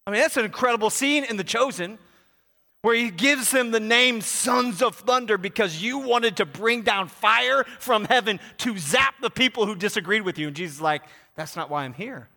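A man preaching a sermon, swinging from hushed to loud and emphatic, joking with the congregation. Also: high-pitched, normal speed, vocal fry. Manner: jokes with the congregation. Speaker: pastor. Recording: long hall reverb.

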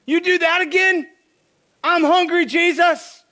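A man acting out an eager, hungry crowd member who begs for more miracles in a pleading, excited way. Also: very high voice, measured pace, voice pushed up, full character voice.

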